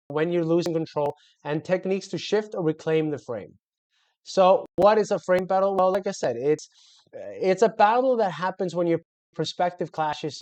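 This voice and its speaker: A man's voice: a little high, darkish tone. A man coaching on sales in a loose, conversational way, full of fillers and self-corrections. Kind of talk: casual instructional talk to camera.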